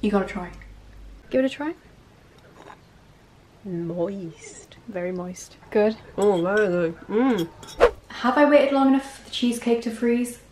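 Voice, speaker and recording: A young woman cooking vlogger chats through recipes in her home kitchen, casual and self-mocking. Her voice is fairly high and a little mellow, at normal speed. The room echoes and there's slight background noise.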